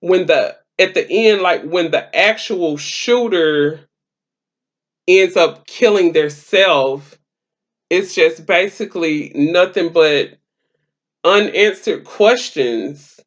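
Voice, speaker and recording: A woman hosts her own live-stream talk show and speaks to her viewers in a loose, rambling way, full of "um"s. She talks slowly and unhurriedly. Her voice comes through dull, lo-fi stream audio. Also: lowish voice. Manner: rambling, filler-heavy, talks straight to viewers. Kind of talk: casual live-stream chat.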